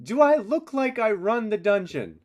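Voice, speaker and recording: A man doing a mocking prisoner in the stocks, pitched up. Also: very animated, moderate pace, fairly bright tone, muffled recording. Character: flippant male prisoner in a pillory.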